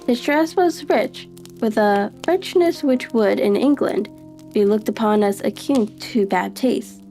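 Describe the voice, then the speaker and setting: Woman reading an old detective story out loud, mellow voice, faint music behind. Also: on the high side. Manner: unhurried reading with frequent restarts and fillers. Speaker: narrator reading aloud.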